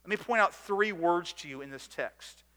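A man preaching a sermon in a church, earnest and by turns emphatic and hushed. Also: lively intonation, normal speed, in a large hall. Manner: earnest, rising to emphatic bursts then dropping low. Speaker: pastor.

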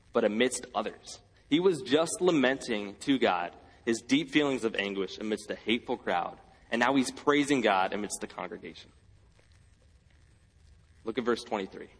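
A man preaching a sermon in an earnest way. He reads scripture slowly and lifts his voice when he quotes cries for help. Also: medium pitch, husky, long reverb tail, rough recording.

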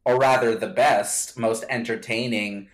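A man's voice: medium pitch, fairly even intonation, a little slow. A man co-hosting a podcast in casual chat, rambling, hedging and interrupting himself mid-thought. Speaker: podcast co-host.

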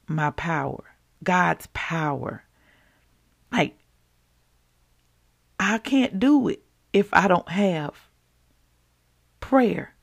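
A woman's voice: medium pitch, vocal fry. A woman giving an earnest, emotional devotional talk, close to tears and often repeating herself as she speaks to her listeners. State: teary, close to crying. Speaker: Christian speaker sharing a devotional.

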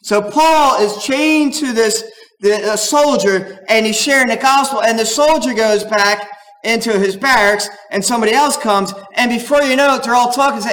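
A man preaching a sermon as pastor, talking in an animated, digressive way and acting out quoted voices. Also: very high-pitched, moderate pace, low-quality recording. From United States.

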